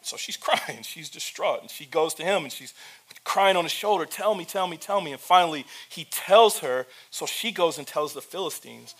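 A pastor preaching, retelling the story with humor and speaking directly to the church. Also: male voice, a little high, lively intonation, moderate pace, a bit bright. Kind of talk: sermon.

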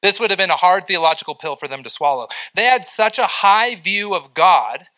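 A middle-aged man preaches with a bright, forceful tone. His voice sits a little high for a man. He tells stories with energy and acts out the voices he quotes. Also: brisk, low-quality recording. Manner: animated storytelling, acting out quoted voices. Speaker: pastor. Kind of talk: sermon.

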